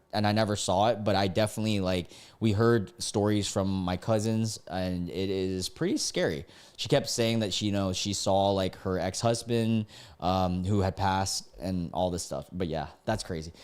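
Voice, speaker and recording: Reading stories aloud on a live stream, a young man reacts with plenty of exclamations and laughs. His voice is smooth and lowish, and he's an excitable presence.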